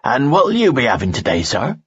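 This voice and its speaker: A man voicing a cheerful young woman serving at a tavern, raising his voice well above his narrating pitch, on a lo-fi recording. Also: huge pitch swings, a little fast, a bit bright, slightly rough, full character voice. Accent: thick Baltrian, fantasy.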